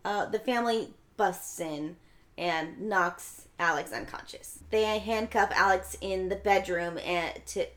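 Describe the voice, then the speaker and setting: A woman chatting casually on a podcast, retelling a movie plot with a relaxed, chatty delivery. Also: mid-range voice, a little slow. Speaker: podcast co-host. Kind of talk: casual movie recap chat.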